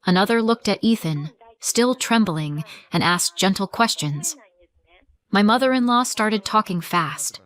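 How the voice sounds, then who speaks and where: A woman narrating a scripted first-person family drama story in a measured, dramatic way. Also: lowish voice, a bit bright.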